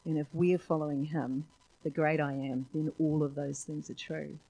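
Husky New woman telling stories. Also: low voice, moderate pace, muffled recording. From New Zealand. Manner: animated storyteller, laughs often, acts out voices. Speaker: church speaker. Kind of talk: sermon with personal storytelling.

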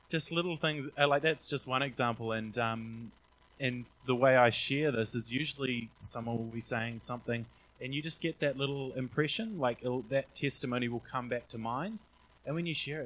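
A man's voice: mid-range voice, fairly bright tone, slight background noise, rough recording. A young man, casually sharing faith testimonies with lots of "um" and acted-out quotes. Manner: rambling, frequent "um", acts out quotes. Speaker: church member sharing testimonies.

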